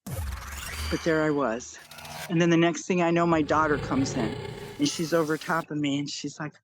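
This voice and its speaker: A woman's voice: deep voice, fairly even intonation, normal speed, background noise. A middle-aged woman giving a personal testimony, telling her story earnestly in long run-on sentences with many repeated phrases. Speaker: near-death experience storyteller. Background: clear background music.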